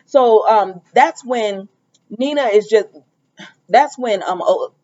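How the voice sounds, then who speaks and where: Woman, casual soap opera recapper, animated storyteller, mid-range voice, lo-fi recording. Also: mid-range voice, slow pace. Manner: animated, acts out characters' lines, trails off with "or whatever". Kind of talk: casual chatty episode recap.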